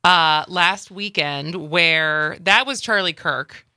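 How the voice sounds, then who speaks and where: A woman in her thirties from the Midwestern US, hosting a casual chat with a lively, sarcastic manner. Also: on the low side, slow, no room sound, clean studio sound. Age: 30s. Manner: lively, sarcastic, laughs often. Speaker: podcast host.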